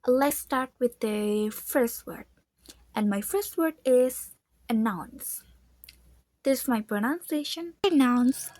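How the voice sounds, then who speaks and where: A woman's voice: fairly high pitch, slow pace, darkish tone, no room sound. A young woman student with an Indonesian accent, whose first language is Indonesian. She reads a pronunciation analysis aloud carefully, repeating words to demonstrate their sounds.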